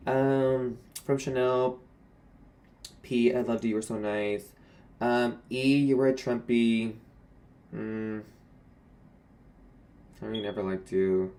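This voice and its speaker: A man's voice: on the low side, mellow. A young man, a former retail worker, speaking to camera in a candid, sassy and blunt rant about old coworkers.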